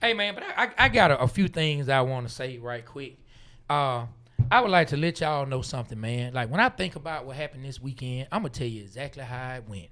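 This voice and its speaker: Man, sports talk co-host, animated, bright tone, laughs a lot. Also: medium pitch, a little fast. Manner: animated, laughs often, drawling Southern slang. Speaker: podcast co-host.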